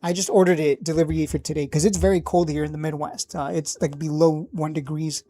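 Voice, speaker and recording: A man's voice: fairly high pitch, flat delivery, fairly quick, dark tone. A man hosting a stock live stream, chatting casually and repeating himself while he clicks through screens at home.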